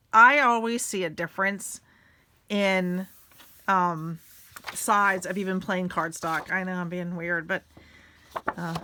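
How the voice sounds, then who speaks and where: Bright chatty woman crafting. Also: medium pitch, a little hiss or hum. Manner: chatty, self-deprecating, talks while working. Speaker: craft tutorial host. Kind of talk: casual craft tutorial.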